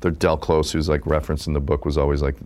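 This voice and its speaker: A man's voice: a bass voice, quick pace. A man in his fifties, an improv comedian, talking casually in an interview with lots of "like" fillers. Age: 50s. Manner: relaxed, rambling with many "like" fillers.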